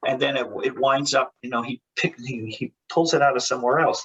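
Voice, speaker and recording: Husky, bright-toned man telling anecdotes. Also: mid-range voice, steady tone, a little fast, highs cut off. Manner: rambling anecdotes with lots of restarts and laughter; acts out voices of people in his stories. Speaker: interview guest, comic book artist. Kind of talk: casual interview storytelling.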